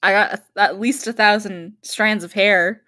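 A woman's voice: medium pitch, steady tone, normal speed, sharp tone, no echo, studio quality. A tipsy woman chatting casually, giggling often and swearing freely. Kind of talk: casual chat.

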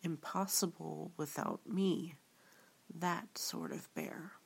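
A woman reading the part of a gentle, slow-witted male teddy bear, soft and puzzled. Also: on the low side, creaky, husky, full character voice. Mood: proud.

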